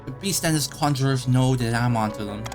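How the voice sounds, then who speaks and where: A man's voice: brisk, music in the background, lightly acted. A man voicing a vengeful, bitter old king who has lost his limbs, declaiming theatrically. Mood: grandiose. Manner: theatrical, booming proclamations.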